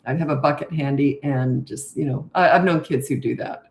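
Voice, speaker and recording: An older woman who coaches parents, answering viewer questions live in a calm, unhurried, low and slow way. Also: roomy sound.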